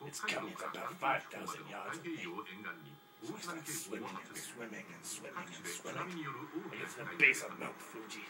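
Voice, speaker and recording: A young man improvising a loud, profane navy hero who brags through his tall tales and breaks into laughter. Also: medium pitch, sing-song, normal speed, creaky, a crowd in the background. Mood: boastful. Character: brash boastful male navy hero telling tall tales. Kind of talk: improvised comic monologue.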